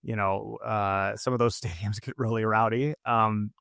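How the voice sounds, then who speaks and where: A man's voice: fairly low pitch, steady tone, normal speed, creaky, fairly bright tone, smooth, no echo, studio quality. An American man co-hosting a podcast, chatting casually and rambling with lots of fillers and restarts. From United States. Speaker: podcast co-host. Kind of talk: casual chat.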